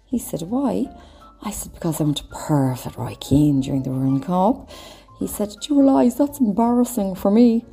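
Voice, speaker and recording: Brief: a sardonic Cork agony aunt with a mellow, warm tone. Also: female voice, on the high side, normal speed, creaky, faint music behind. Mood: dry. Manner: dry, sardonic. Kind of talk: comedy sketch acting.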